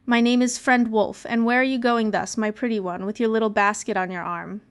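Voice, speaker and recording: A woman's voice: on the high side, steady tone, a little fast, clean tone, lightly acted. Woman doing a sly coaxing wolf villain.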